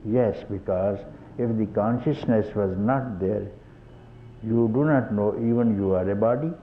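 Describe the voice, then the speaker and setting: Older Indian spiritual teacher, deliberate and low-pitched, chuckling through rhetorical questions; phone-thin archival tape. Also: male voice. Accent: Indian English. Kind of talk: satsang talk. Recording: tinny old tape with faint hiss.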